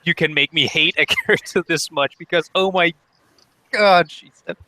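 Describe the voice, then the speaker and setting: A man's voice: a little high, normal speed, pushed and bright, no room sound, rough recording. A man on a casual panel giving emphatic opinions. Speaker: panel guest. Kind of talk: casual chat.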